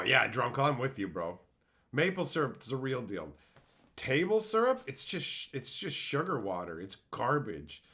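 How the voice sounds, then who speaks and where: Young dude streaming, swearing nonstop, roasting chat and cracking himself up, normal mid voice. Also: male voice, medium pitch, bright, forceful tone. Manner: crude, mocking, ranting, laughs often. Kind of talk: profane casual live-stream chat.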